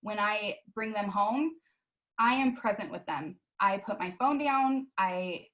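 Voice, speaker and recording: A woman's voice: medium pitch, a little slow, fairly bright tone, highs cut off. Earnest woman sharing on a call. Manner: emotional, earnest, conversational. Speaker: sales team leader, guest. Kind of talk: personal story on a video call.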